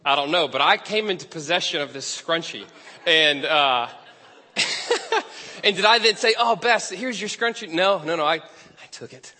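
A man tells a story from the pulpit in a bright, forceful voice that sits a little high. He talks in a chatty, self-deprecating way, often laughing at himself. The sound rings with the long reverb of a large hall. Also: expressive, unhurried, pauses often. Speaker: preacher. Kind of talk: storytelling sermon.

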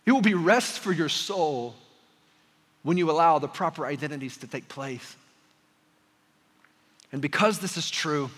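A young man preaching a sermon with a high, bright voice and a husky edge. He moves between easy storytelling and impassioned preaching. The long reverb of a large hall trails every phrase. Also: animated, a little slow, pauses often. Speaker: pastor.

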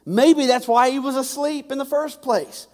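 A man's voice: very high voice, moderate pace, darkish tone. A male pastor preaching a sermon in a conversational way, often repeating words for emphasis. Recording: long hall reverb.

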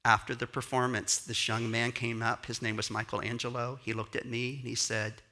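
A man, founder of a dance company, giving an inspirational sermon in a storytelling way that slows and softens for emphasis. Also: mid-range voice, flat delivery.

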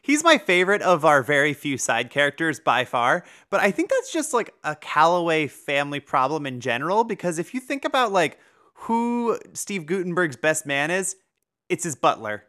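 A woman's voice: low voice, very animated, normal speed, fairly bright tone. A woman co-hosting a casual film podcast, throwing in dry, wry quips. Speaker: podcast co-host.

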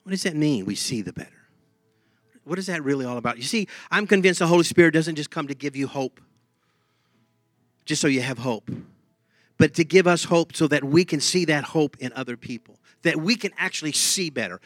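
A man preaching a lively sermon, humming tunes and laughing as he talks. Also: a little high, no room sound, studio quality.

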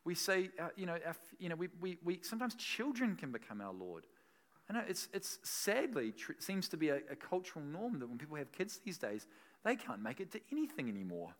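A man preaching a sermon as pastor, animated, swinging between soft and loud and laughing between points. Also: fairly high pitch, a little fast.

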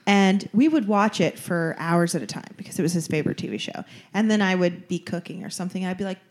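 A young woman talking in a casual chat, chatty and quick to tease. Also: fairly low pitch, a little mellow.

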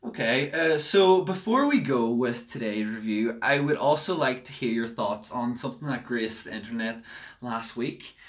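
A man's voice: mid-range voice, lively intonation, moderate pace. A young man hosting a casual podcast chat, chatty and easily amused, recorded without a proper microphone. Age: young adult. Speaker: podcast host.

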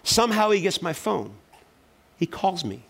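A middle-aged man preaching a sermon in a church, telling stories and building up to loud, fervent exhortation. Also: sits high, very animated, normal speed, vocal fry, breathy edge. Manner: storytelling, voice rising to loud preaching. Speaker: pastor.

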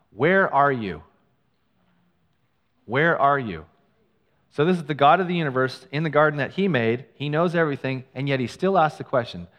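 Male pastor preaching in a reverberant hall. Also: medium pitch. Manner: animated storyteller, acts out quoted lines. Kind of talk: storytelling sermon.

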